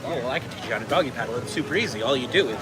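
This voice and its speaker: A man's voice: mid-range voice, expressive, racing, lightly acted. A man voicing a friendly male dog who teaches swimming, cheerfully counting out the strokes. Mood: encouraging. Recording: loud crowd and outdoor noise.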